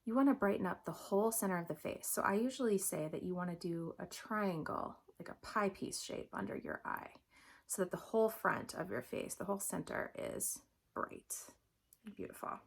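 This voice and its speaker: Gravelly-voiced woman doing a makeup tutorial. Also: mid-range voice, brisk. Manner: chatty, instructive, upbeat. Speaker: makeup vlogger.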